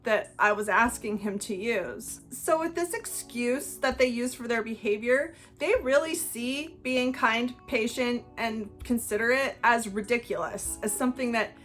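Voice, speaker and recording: Faint music plays behind this channel host, whose voice sits on the high side and sounds a bit bright. Unhurried yet with hardly any pauses, she talks earnestly to her viewers, explaining things conversationally in a solo to-camera video.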